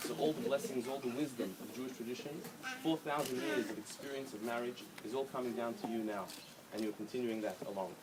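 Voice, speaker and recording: A man's voice: medium pitch, quick pace, very noisy. A man officiating a wedding ceremony, explaining the rites in plain words and chanting blessings. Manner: explains warmly and plainly, then chants Hebrew prayers. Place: outdoor wedding ceremony with guests. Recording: loud crowd of guests. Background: crowd of wedding guests.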